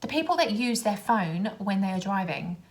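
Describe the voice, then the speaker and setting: A young woman with a London accent vents about her everyday annoyances in a casual vlog. She talks with exasperated sarcasm and animated emphasis. Her pitch sits in an ordinary middle range. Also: normal speed. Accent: London English. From London, England. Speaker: vlogger.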